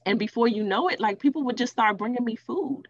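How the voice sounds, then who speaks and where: A woman in her thirties telling lively stories in a relaxed podcast chat. She slips into the voices of the people she quotes. The recording sounds dry and a bit muffled. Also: a little high, brisk, no room sound. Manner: animated, acts out quoted voices. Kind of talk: casual storytelling chat.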